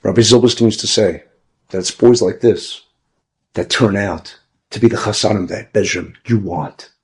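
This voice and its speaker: A man's voice: fairly low pitch, moderate pace. A man, a rabbi, telling an inspirational story in a lecture, acting out the people he quotes with big jumps in his voice.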